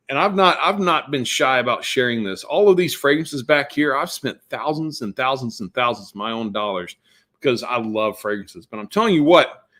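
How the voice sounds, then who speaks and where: A man chatting casually on a live stream to his viewers, rambling and repeating himself in a warm, effusive way. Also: medium pitch. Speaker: fragrance influencer streaming live. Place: home room lined with fragrance bottles.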